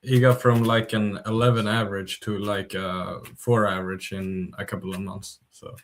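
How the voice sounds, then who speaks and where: A man speaking as a guest in a casual livestream chat, hesitant and pausing on fillers. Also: fairly low pitch, little pitch movement, slight background noise. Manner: hesitant, many filler pauses. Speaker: podcast guest.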